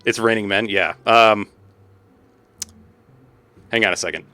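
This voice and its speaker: A man's voice: fairly low pitch, steady tone, unhurried, bright, forceful tone, smooth, dry recording, soft background music. A young man streaming a game, chatting casually in a goofy, tongue-tied way and laughing at his own jokes.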